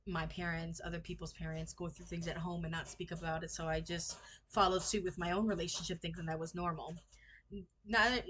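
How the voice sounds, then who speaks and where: A young woman telling a personal story in a casual vlog, halting and full of fillers, acting out what people said to her. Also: fairly low pitch, fairly bright tone. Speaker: vlogger sharing a personal story.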